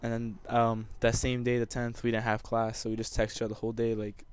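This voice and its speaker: A man's voice: mid-range voice, completely flat delivery, a little fast, a little mellow, smooth. A young man telling a personal story over gameplay commentary, emotional and rambling, with many restarts. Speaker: gamer.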